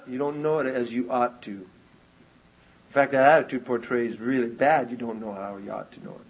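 A man preaching a sermon to a congregation, animated and emphatic, often restarting his sentences and rising to loud peaks. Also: mid-range voice, normal speed, husky. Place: church meeting hall with congregation. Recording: muffled lo-fi recording.

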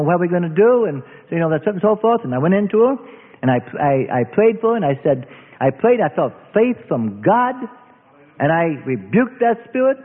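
A middle-aged man preaching a testimony sermon, earnest storytelling that drops low and hushed at tense moments. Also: breathy edge. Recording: tinny lo-fi recording in a reverberant hall.

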